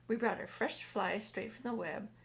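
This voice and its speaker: A woman's voice: medium pitch, moderate pace, vocal fry, lightly acted. A woman voicing a prim, chatty female spider in a storybook reading, with a rambling manner.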